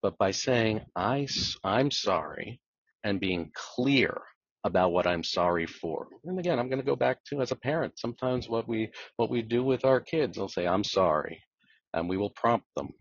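A man working as a divorce mediator, talking thoughtfully in a podcast interview, with a measured delivery that repeats words as he restarts. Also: mid-range voice, lively intonation, husky, no echo. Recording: dull lo-fi dry sound.

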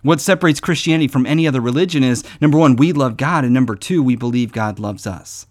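A man preaching in an earnest, conversational way, swinging between hushed and emphatic passages. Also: mid-range voice, quick pace. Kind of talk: sermon-style devotional talk.

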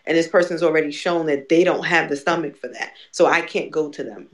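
A woman's voice: sits low, brisk. A woman in casual conversation who talks candidly and emphatically, swearing freely.

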